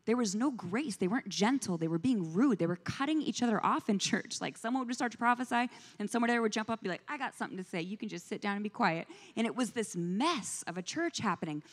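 A woman who is a pastor's wife, giving a conversational sermon as a guest speaker, telling stories and asking the audience questions. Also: a little high. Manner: storytelling, asks the audience questions. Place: church sanctuary, indoors. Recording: long reverb of a church hall.

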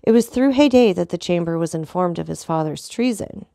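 Composed, dignified nobleman, read by a woman, low and gravelly, dry close sound. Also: no room sound. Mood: solemn. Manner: calm, measured, dignified. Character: calm commanding aristocratic older man, coldly polite.

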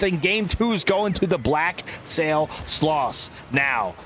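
A man's voice: fairly high pitch, lively intonation, moderate pace, few pauses, bright, forceful tone, slight background noise. A man casting an esports match live with playful play-by-play, inventing silly words and chatting with viewers between plays. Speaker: esports caster.

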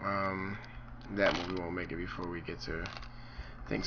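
A man's voice: deep voice, a little slow, muffled recording, background noise. A man hosting a let's play, commenting casually and thinking aloud with frequent ums as he runs a movie studio. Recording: voice over loud game music.

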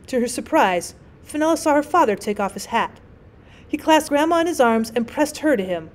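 Lady teacher reading a classic story out loud, kinda high voice, calm and clear. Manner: clear, measured storytelling with gentle voices for characters. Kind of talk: audiobook narration.

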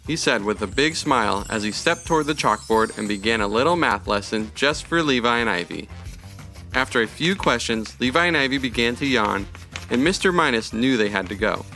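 A man narrating a children's story with a bright, clear, forceful tone. He reads gently and evenly, with soft music underneath. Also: medium pitch, animated, brisk.

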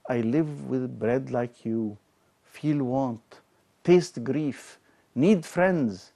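A deposed king mourns his fall , voiced by a man reading aloud. The lines come at an unhurried, deliberate pace in a middle register, rising and fading in loudness as he declaims. He sounds melancholy and proud. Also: mid-range voice, creaky, heavily acted. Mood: bitter. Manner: slow, declamatory, swelling and falling in loudness. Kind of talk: dramatic verse recitation.

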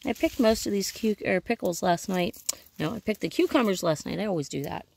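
A woman's voice: mid-range voice, expressive, brisk, vocal fry, darkish tone, husky. A woman giving a casual, rambling tour of her vegetable garden outdoors, filming it herself and correcting herself as she talks. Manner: chatty, rambling, self-correcting. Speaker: homesteading vlogger. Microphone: handheld camera she films herself.

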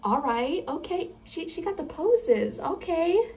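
A woman chatting casually while playing a game, self-deprecating and quick to giggle at her own mistakes. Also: very high-pitched, sing-song, a little mellow, far from the mic. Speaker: gamer reacting to a game. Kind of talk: casual gameplay commentary.

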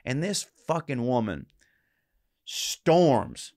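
A man's voice: medium pitch, very animated, very slow, darkish tone, no echo, studio quality. A man co-hosting a podcast, telling a long story in casual, profane chat. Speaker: podcast co-host.

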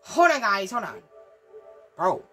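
A woman's voice: medium pitch, slow, soft background music. A woman hosting a gaming channel, talking casually over gameplay, stammering and repeating herself, swearing and easily riled. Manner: stammering, repetitive, profane, excitable.

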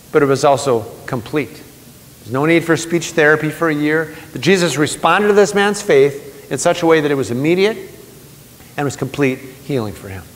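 A male pastor giving a conversational sermon to a seated congregation, repeating key phrases for emphasis. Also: fairly high pitch. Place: church sanctuary with seated congregation. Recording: long church reverb.

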